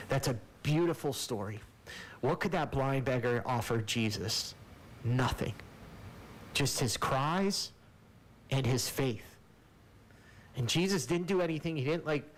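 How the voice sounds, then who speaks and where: A male pastor explains a Bible passage to radio listeners in a relaxed, earnest way. His voice sits at a middle pitch, and he slips into the quoted characters as he retells the story. He sounds like he is on a studio talk show. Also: rough recording. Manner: conversational and earnest, acts out quoted lines. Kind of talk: informal sermon-style Bible teaching.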